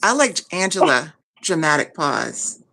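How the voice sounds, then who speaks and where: A woman's voice: deep voice, big pitch swings, a little slow, gravelly, pushed and bright. A woman hosting a casual livestream chat, gushing and effusive, often repeating herself. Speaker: livestream host.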